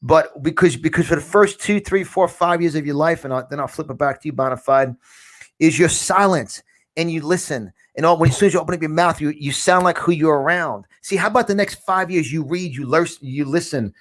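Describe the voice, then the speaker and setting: A podcast host with a New York accent, talking in a rambling, fired-up way from a large studio. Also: male voice, a little high, a little fast. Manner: rambling, fired up, repeats words. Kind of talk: animated talk-show chat.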